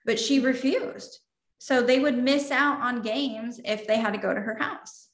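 A woman with a slightly high voice tells a personal story in an interview. She speaks earnestly and lets her emotion show. The recording has a roomy echo. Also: steady tone, measured pace. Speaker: interview guest.

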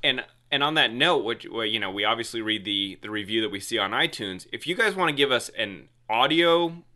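A man hosting a podcast, chatting loosely and excitably with lots of "like". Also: mid-range voice, fairly quick. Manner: loose, excitable, heavy use of "like". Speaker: podcast host. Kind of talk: casual podcast chat.

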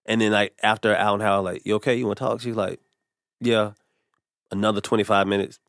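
A man's voice: on the low side, little pitch movement, fast, vocal fry, a bit bright, dry recording, studio quality. A comedian telling a personal story in casual conversation, acting out the people he quotes. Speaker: comedian guest.

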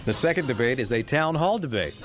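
A man's voice: mid-range voice, lively intonation, brisk, over music. A man co-hosting a talk radio show, throwing in dry teasing quips from a little off the microphone. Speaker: radio co-host.

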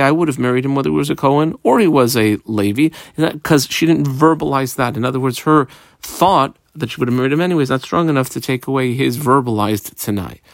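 A man's voice: mid-range voice, dry recording, studio quality. A man giving a Talmud lesson who reads the Aramaic text aloud and translates it phrase by phrase, adding explanations with frequent fillers. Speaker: Talmud teacher.

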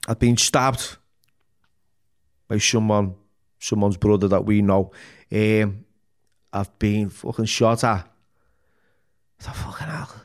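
A man with a Liverpool accent, a podcast guest telling his life story frankly and emotionally, with plenty of swearing and false starts. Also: fairly low pitch. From Liverpool, England. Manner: frank and emotional, heavy swearing, many restarts. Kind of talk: candid personal storytelling.

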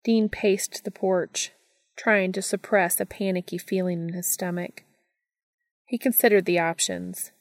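A woman narrating a fan fiction story as an audiobook in a steady, even reading voice. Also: medium pitch, measured pace, no room sound, studio quality.

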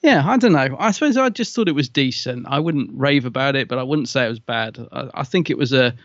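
A man's voice: mid-range voice, animated, a little fast, no echo. A man co-hosting a casual podcast review, hesitant and weighing his mixed feelings as he talks. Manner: hesitant, conflicted, restarts often. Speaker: podcast co-host. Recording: dry, dull lo-fi sound.

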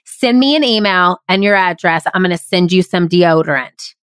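A woman's voice: lowish voice, moderate pace, a bit bright, clean tone, no echo. Upbeat woman podcast host, dry sound. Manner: upbeat, emphatic and motivational. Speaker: podcast host and improv workshop leader. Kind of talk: solo podcast monologue. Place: small closet. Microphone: studio podcast microphone.

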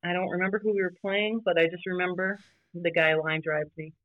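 A woman guest on a podcast, telling stories about playing vintage baseball in an animated, casual way. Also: a little fast, no echo, phone-quality sound. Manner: animated, voice jumps high when quoting others. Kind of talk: casual storytelling chat.

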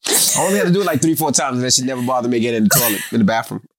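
A man's voice: medium pitch, animated, rapid-fire, dry recording. A man co-hosting a podcast with his partner, telling joking stories in casual chat. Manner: joking, boastful storyteller. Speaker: podcast co-host.

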